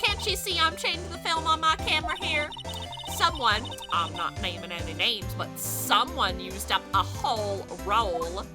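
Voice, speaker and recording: A loud, sassy young country woman with a thick Southern drawl, folksy and quick to bristle, as a woman puts her on. Her voice sits high and swoops around with lots of life. Game music plays behind her. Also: big pitch swings. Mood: defensive. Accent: generic Southern US put-on. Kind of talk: video game voice-over play-through.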